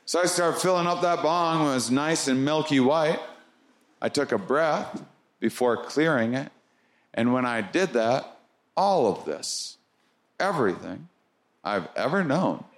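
Animated male stand-up comic in an echoey club. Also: measured pace. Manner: animated, swooping into high squeals and sound effects. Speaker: stand-up comedian. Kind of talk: stand-up storytelling. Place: comedy club stage.

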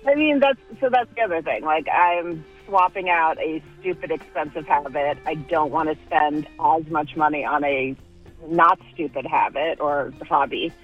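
A woman's voice: low voice, moderate pace, soft background music. A woman with a Long Island accent calling in to a radio show, chatting in a joking, self-deprecating way. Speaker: caller. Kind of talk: casual call-in chat. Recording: muffled phone-in line.

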